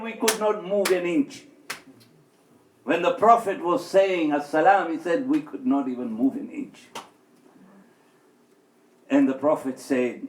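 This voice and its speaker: A man giving a sermon and telling stories, acting out the quoted speech with big swings in pitch and loudness. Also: a little slow, long pauses. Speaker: speaker at an Islamic center. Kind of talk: sermon with storytelling. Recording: echoey hall.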